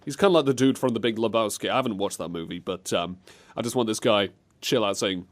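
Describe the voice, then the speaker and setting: Animated laughing male comedy host. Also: lowish voice, fast talker. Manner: animated, laughing, slipping into silly put-on voices. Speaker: show host. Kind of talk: comedic podcast chat.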